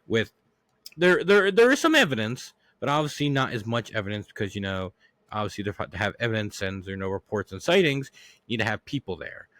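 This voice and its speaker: A man's voice: lowish voice, sing-song, brisk, a bit bright, no echo. A man hosting his own podcast alone, talking casually and rambling with many restarts, still getting over a cough. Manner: rambling, lots of restarts and fillers. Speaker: podcast host. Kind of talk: casual solo podcast monologue.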